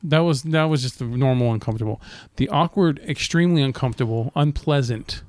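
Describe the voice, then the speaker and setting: A man's voice: medium pitch, brisk, darkish tone, dry recording. Man telling a podcast story. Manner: storytelling, swears a lot, acts out quoted voices. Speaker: podcast co-host. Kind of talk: casual podcast chat.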